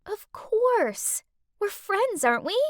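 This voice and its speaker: Woman voicing a sweet teen girl friend in an animated story, soft, reassuring, very high. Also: slow pace, no room sound, clean studio sound, exaggerated voice.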